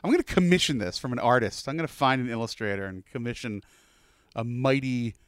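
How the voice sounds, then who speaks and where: A man's voice: medium pitch, a little fast, no echo. A man co-hosting a podcast, chatting casually and rambling about a TV episode with lots of fillers. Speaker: podcast co-host.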